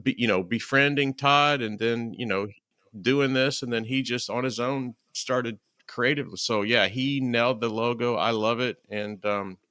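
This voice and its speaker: A talkative man hosting a podcast interview. His voice is bright and forceful, recorded dry and close with little room sound. He tells stories with animated energy, acting out quotes. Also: mid-range voice, moderate pace, no echo. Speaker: podcast host. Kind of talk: casual interview chat.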